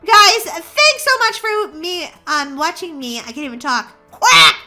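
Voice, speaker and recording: A woman's voice: extremely high pitch, big pitch swings, measured pace, bright, forceful tone, faint music behind. A woman hosting a gaming video, giving silly, playful commentary and singing goofy bits. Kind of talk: gameplay commentary.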